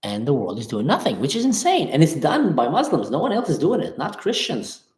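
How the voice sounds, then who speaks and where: A man's voice: fairly high pitch, wildly swooping pitch, fairly quick, darkish tone, roomy sound. An impassioned man hosting a live talk, reading viewers' comments and answering them emphatically. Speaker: livestream host. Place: Germany.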